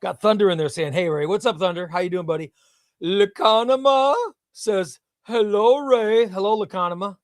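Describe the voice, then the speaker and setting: A man's voice: sits high, fairly quick, no echo, clean studio sound. Chatty man greeting his live chat. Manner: friendly, rambling, repeats himself. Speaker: host of a live comics stream. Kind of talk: casual live-stream chat, reading chat messages.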